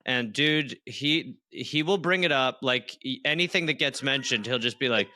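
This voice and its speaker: A man co-hosting a comedy podcast, chatting casually with quick jokey reactions. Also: medium pitch, pushed and bright. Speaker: podcast co-host.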